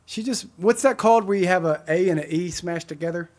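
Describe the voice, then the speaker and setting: A man's voice: high voice, a little fast, darkish tone. A man in his forties, a musician hosting a live stream, chatting casually and rambling as he reads out viewer comments. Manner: chatty, rambling, self-correcting.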